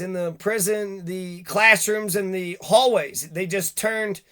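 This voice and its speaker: Brief: male commentator, high pitch, profane and animated, casual monologue.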